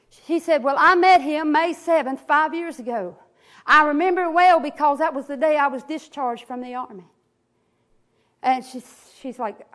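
Woman, very high pitch, sermon storytelling, dramatic, tearful shouting peaks. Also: moderate pace. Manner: dramatic storytelling, rises to crying shouts at climaxes. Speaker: preacher.

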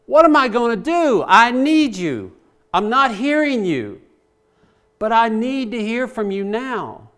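A man's voice: extremely high pitch, sing-song, slow pace, a bit bright. A male preacher giving a sermon, praying aloud with passion as he paraphrases scripture.

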